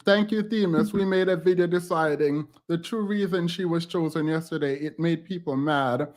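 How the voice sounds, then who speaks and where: A man's voice: fairly high pitch, normal speed. Sassy, emphatic male commentator. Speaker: commentary channel host. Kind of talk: reaction commentary.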